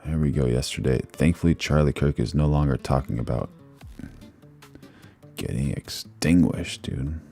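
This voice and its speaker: A man's voice: very deep voice, normal speed, vocal fry, pauses often, mellow, soft background music. A man hosting a live reaction stream, talking in a laid-back, rambling, slangy way into a streaming mic. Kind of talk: casual live-stream commentary.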